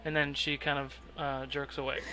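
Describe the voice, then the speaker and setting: Bright-voiced man narrating as game master. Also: medium pitch, normal speed, a little hiss or hum, rough recording. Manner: relaxed, loose narration with fillers.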